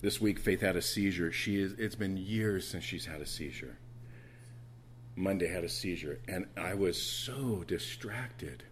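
Low-voiced man preaching a conversational sermon. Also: lively intonation, measured pace, slight background noise. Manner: conversational preaching with repetitions and emphatic rises. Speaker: pastor.

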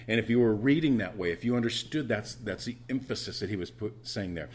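A man's voice: lowish voice, animated, fairly quick, few pauses, a little mellow. A middle-aged man, a pastor, preaching a conversational sermon to his church, repeating words and pressing his points with emphatic rises.

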